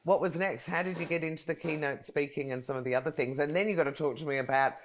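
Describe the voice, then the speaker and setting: Woman host, deep voice, chatty and eager, quick to laugh. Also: slight background noise. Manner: chatty and enthusiastic, laughs easily. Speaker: podcast host. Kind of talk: casual interview chat.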